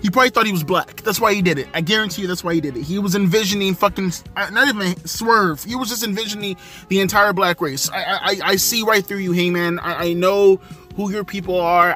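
A man's voice: high-pitched, brisk, pushed and bright, soft background music. A young man reviewing a wrestling show in an angry, sarcastic rant full of swearing. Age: young adult. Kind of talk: profane ranting show review.

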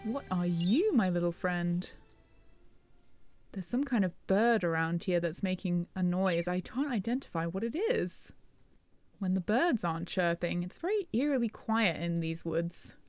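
A woman's voice: fairly low pitch, lively intonation, measured pace, a little mellow, dry recording. A woman narrating a Minecraft horror role-play in character, wonder-struck and breathless, slipping into panic. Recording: faint music underneath.

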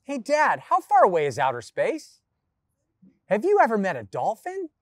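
A man voicing an excitable young child full of questions in a storybook reading. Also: high voice, normal speed, dry recording, studio quality, voice pushed up. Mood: curious.

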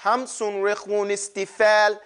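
A man's voice: sits high, level tone, unhurried, fairly bright tone, clean tone. A man teaching a classroom lesson on pronouncing letters for Quran recitation, animatedly drilling his class to repeat sounds aloud.

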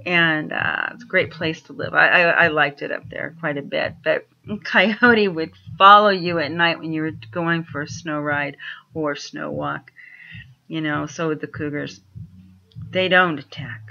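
A woman speaks slowly, telling rambling animal stories in a casual monologue. Her voice is low and bright, and she chuckles often and restarts her sentences. The recording is dull and lo-fi. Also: gravelly. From Washington State.

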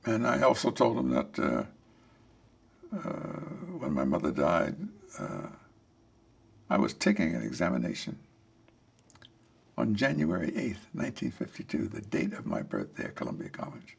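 An older man tells a personal life story in an interview, reflective and halting, with many restarts, and he acts out the voices of people he quotes. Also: extremely low pitch, wildly swooping pitch, gravelly.

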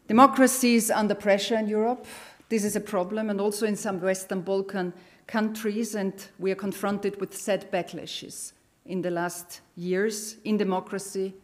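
A middle-aged woman with an Austrian accent, giving a formal, emphatic introduction at an event, with pauses and self-corrections. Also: mid-range voice. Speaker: party leader giving an introduction.

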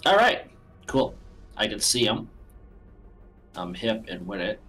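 A man's voice: on the low side, sing-song, takes it slowly, a bit bright, soft background music. A man playing a tabletop game who jokes, swears and talks through his character's moves. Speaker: player.

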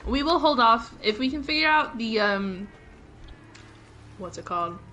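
A woman's voice: fairly high pitch, lively intonation, unhurried, pushed and bright, lo-fi sound, a little hiss or hum. A woman patiently talking a friend through a video game, giving step-by-step directions. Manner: patient, instructive, laughs easily. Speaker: co-player guiding the gamer. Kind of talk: casual gameplay guidance.

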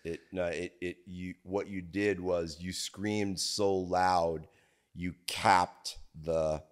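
A middle-aged filmmaker guest in a casual conversation, talking in halting starts that turn emphatic. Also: male voice, low voice, steady tone. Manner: halting, restarts often, then emphatic.

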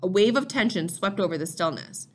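A woman reading a first-person novel aloud in a steady, measured storytelling voice. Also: on the low side. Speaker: audiobook reader. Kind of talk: first-person scripted narration.

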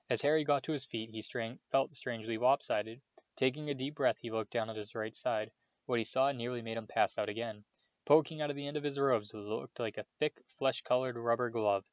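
A man reading a novel aloud in a steady storytelling voice, with small slips now and then. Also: mid-range voice, a little fast, no room sound, highs cut off. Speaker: audiobook reader.

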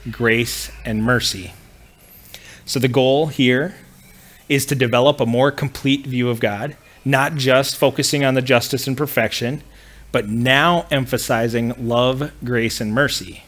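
Male pastor, mid-range voice, conversational teaching, relaxed restarts. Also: mid-range voice. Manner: conversational, with frequent fillers and restarts. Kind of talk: teaching a church class.

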